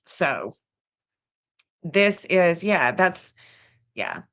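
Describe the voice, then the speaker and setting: Southern lady talking loose on a stream, keeps restarting sentences, voice a bit low. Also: lively intonation, very slow, a bit bright. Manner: rambling, repeats herself, frequent restarts and small laughs. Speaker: online true-crime astrology host. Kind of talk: casual livestream chat.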